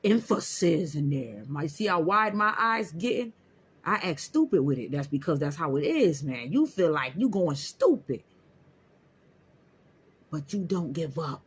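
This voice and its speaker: Talking casually to camera, this motivational vlogger uses a slightly high, breathy voice with big pitch swings, taking his time. His message to viewers is emphatic and repetitive.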